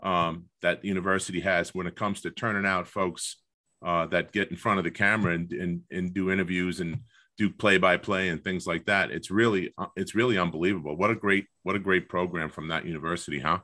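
A man's voice: deep voice, fairly even intonation, fairly quick, bright, forceful tone. A man with a Long Island accent hosting a podcast, enthusiastic and repetitive, on a video call. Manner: enthusiastic, repeats himself. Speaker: podcast host. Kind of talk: casual chat.

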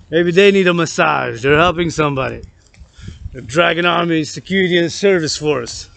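A man's voice: on the high side, creaky, a bit bright, slight background noise. A man rambling in a loose rant while marching outdoors, laughing between phrases and repeating words. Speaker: vlogger.

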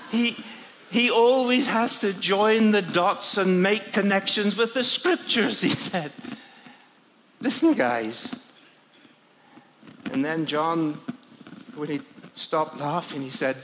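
A male preacher telling a biblical story in the first person, pausing with fillers as if recalling it. His voice is somewhat high and his delivery very slow. It carries a long hall echo with faint background noise. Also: fairly bright tone. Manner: hesitant, searching for words, with frequent fillers and laughs. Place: large conference hall.

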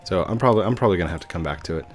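A man's voice: deep voice, animated, rapid-fire, soft background music. A man giving casual gameplay commentary, rambling with many fillers and restarts. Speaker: gaming video host.

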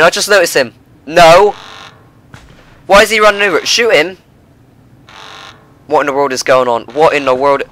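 A man hosting a gaming channel, giving excitable let's-play commentary and yelping and shouting at the game. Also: a little high, normal speed, pauses often.

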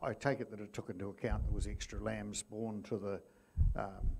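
A man in the audience asking a question at a conference, haltingly, with restarts as he searches for words. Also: lowish voice, flat delivery, gravelly.

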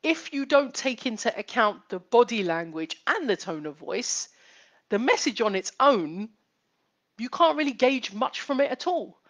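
A woman's voice: fairly high pitch, animated, a little slow. A woman psychotherapist hosting a live stream, explaining step by step, repeating key points and asking rhetorical questions. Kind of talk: live-streamed teaching talk.

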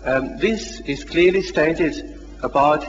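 A fairly high-voiced man speaks up from the floor of a lecture hall, polite and earnest but pressing his point. The recording is dull and lo-fi, with a long hall reverb and a faint hiss. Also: slow. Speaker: audience member asking a question. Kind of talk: formal question at a lecture.

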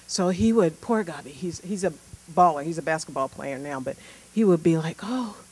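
Woman, pediatrician, conference speech, animated storytelling, casual with fillers, somewhat low-pitched. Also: normal speed, slightly rough, low-quality recording. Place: conference room.

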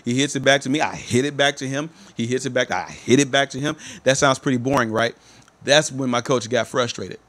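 A man's voice: mid-range voice, fairly quick, a bit bright. A man telling a personal story to his viewers, speaking emphatically and repeating that he is telling the truth. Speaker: motivational speaker.

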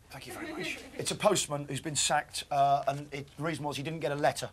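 A British man hosts live breakfast television, reading out newspaper puns amid playful, mock-indignant banter and hopping from one bit to the next. His voice sits slightly high with fairly even intonation, and he talks fast over music in a jokey live studio style.

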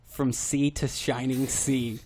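A man's voice: medium pitch, flat delivery, slow, a crowd in the background. A man co-hosting a casual podcast, easygoing and joking, stumbling over a word now and then. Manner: easygoing, joking, a few stammers. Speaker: podcast co-host.

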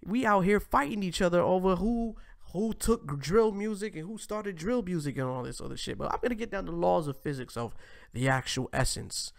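A man hosting a casual commentary show, reacting to clips in a loose, profane, animated way. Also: sits high, fairly quick, creaky. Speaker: host.

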